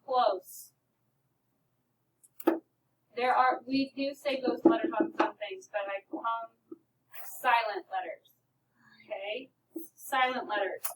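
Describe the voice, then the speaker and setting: A woman's voice: fairly high pitch, slow pace, pauses often, a little hiss or hum. A woman teaching a phonics lesson to a class, patiently prompting students and calling on them by name. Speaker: elementary school teacher. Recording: echoey classroom from far off.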